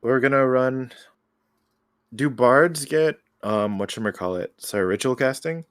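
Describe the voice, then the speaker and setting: A man chatting casually as a player in a tabletop game, excitable and rambling, often correcting himself. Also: mid-range voice, a little slow.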